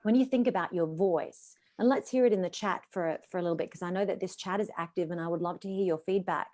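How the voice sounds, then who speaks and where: A woman's voice: fairly low pitch, fast talker, few pauses. A middle-aged Australian woman, a voice coach, speaking expressively as a guest on a live video call. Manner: expressive, demonstrates voices while teaching.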